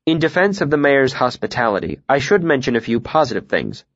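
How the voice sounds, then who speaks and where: A man reading a first-person novel aloud in a calm, even, reflective way. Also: medium pitch, brisk, no echo, muffled recording. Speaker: audiobook narrator.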